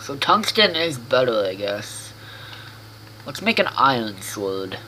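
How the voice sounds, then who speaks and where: Bright-voiced man narrating his gameplay. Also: medium pitch, a little hiss or hum, rough recording. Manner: rambling self-talk with frequent restarts and swearing. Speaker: gaming video host. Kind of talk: casual let's-play commentary.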